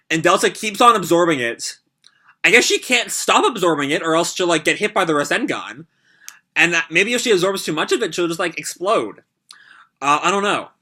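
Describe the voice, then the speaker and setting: A young man reads through a comic and reacts live, rambling loosely with plenty of fillers. His voice sits a little high for a man and has a very bright, sharp tone. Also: lively intonation, brisk. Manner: rambling, with lots of "like" and "uh". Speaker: anime reaction host. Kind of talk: casual live reading and reaction.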